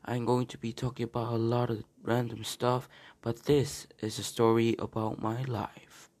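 A man hosting his own casual podcast, talking in a halting way with many pauses and restarts. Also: medium pitch, little pitch movement, a little mellow. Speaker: podcast host. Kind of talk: casual solo podcast talk.

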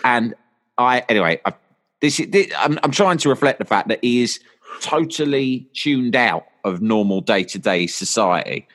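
A man tells a long, meandering story in an easy, chatty way. His pitch sits in an ordinary middle range, and he slips into voices for the people he quotes. It sounds like a podcast guest talking casually. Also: normal speed. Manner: animated anecdotes, voices friends in quotes.

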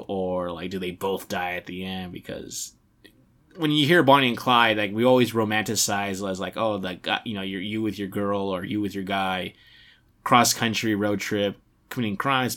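A man co-hosting a casual chat about video games, rambling and animated, filling his talk with "like". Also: fairly low pitch. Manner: rambling, heavy use of "like", animated. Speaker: podcast co-host.

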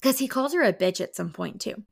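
A woman's voice: on the high side, lively intonation, a little fast, creaky, slightly rough. A young woman co-hosting a book podcast, casually recapping chapters, reading passages aloud and acting out characters. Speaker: podcast co-host. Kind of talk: casual book-club chat.

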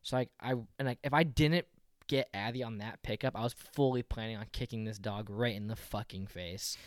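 A man's voice: on the low side, moderate pace, no room sound. Young man, casual storyteller, rambling, foul-mouthed, constant "like", dry close mic. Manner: rambling, says "like" constantly, swears a lot. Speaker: storyteller in a chat with friends. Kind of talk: casual chat.

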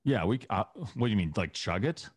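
A man's voice: fairly low pitch, expressive, fairly quick, breathy edge, no room sound, clean studio sound. A man co-hosting a casual podcast, rambling and laid-back with lots of uhs. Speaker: podcast co-host. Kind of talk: casual chat over beers.

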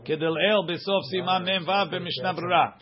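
Man, religious law teacher, rapid delivery, reads then explains casually, dull lo-fi recording. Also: sits high, fairly even intonation, crowd noise. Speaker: Torah class teacher. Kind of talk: religious law class, reading and translating.

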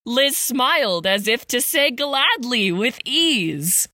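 A woman's voice: on the high side, expressive, takes it slowly, pushed and bright, no echo, studio quality. A woman co-hosting a podcast, reciting a comic holiday poem and chatting, often breaking into giggles. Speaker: podcast co-host.

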